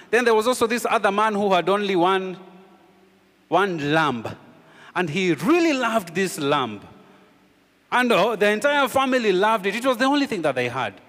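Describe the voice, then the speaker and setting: Male pastor, sermon delivery, emphatic and questioning, softens for key lines; higher-set voice, lingering hall reverb. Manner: emphatic preaching with rhetorical questions, dropping low and quiet for key points.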